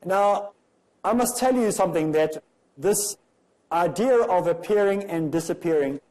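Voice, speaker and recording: A man delivers a comparative religion lecture, pressing his points with rhetorical questions. His voice sits somewhat high for a man but sounds warm and mellow rather than bright. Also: animated, a little slow, poor audio. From South Africa. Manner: rhetorical, emphatic, many questions.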